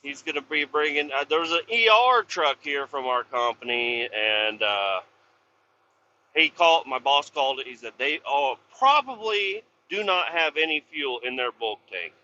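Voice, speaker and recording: A man talking while driving his truck, cursing and ranting at other drivers on the highway. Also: lively intonation, a little slow, bright, forceful tone, lo-fi sound, slight background noise. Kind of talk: casual driving vlog. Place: inside a truck cab on the highway.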